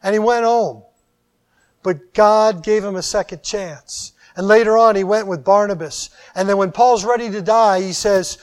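A man preaching a sermon, animated, with loud emphatic phrases that drop into quiet, drawn-out endings. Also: sits high, clear, resonant tone.

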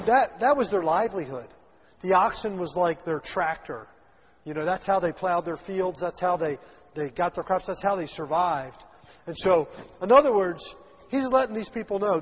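A man's voice: high voice, expressive, moderate pace, breathy edge. A man teaching a Bible passage verse by verse, reading the old text and then retelling it in everyday words with voiced lines for the people in it. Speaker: preacher teaching scripture. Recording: dull lo-fi sound with long hall reverb.

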